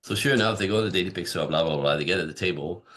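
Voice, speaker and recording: Guy with a really deep voice on a podcast, coaching talk, tells stories and does the voices. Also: racing. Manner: animated storyteller acting out dialogue. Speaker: relationship coach guest. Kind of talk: conversational podcast interview.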